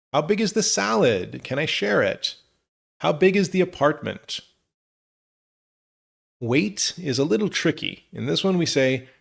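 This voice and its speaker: A man teaching English, reading example questions slowly and clearly for learners. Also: medium pitch, a bit bright. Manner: slow, clear model phrases for learners. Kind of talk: scripted lesson narration.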